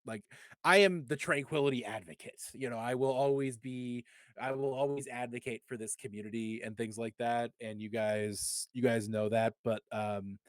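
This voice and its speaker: Earnest man in his thirties, halting. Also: medium pitch, fairly even intonation, dry recording. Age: 30s. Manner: halting, repeats words, earnest and heartfelt. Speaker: community advocate guest. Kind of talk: casual podcast chat, personal storytelling.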